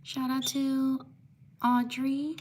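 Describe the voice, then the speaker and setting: A woman hosting a live stream, reading out viewer names one by one with quick apologies for mispronouncing them. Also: high-pitched, flat delivery, a little hiss or hum. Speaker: livestream host.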